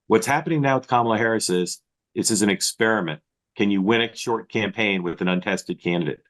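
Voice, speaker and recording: Low-voiced male political analyst. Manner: measured, explanatory. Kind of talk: analytical talk segment.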